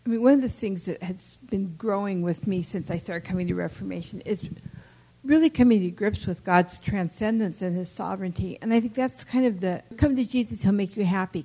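Woman in a church group chat, husky and a bit gravelly, thoughtful. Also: medium pitch, mellow, poor audio. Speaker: church member in discussion. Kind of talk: casual church discussion.

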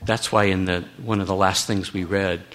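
Low-voiced teacher. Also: male voice, steady tone, moderate pace, a bit bright. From United States. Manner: earnest, emphatic, with wry asides. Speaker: Bible teacher. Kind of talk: Bible teaching talk.

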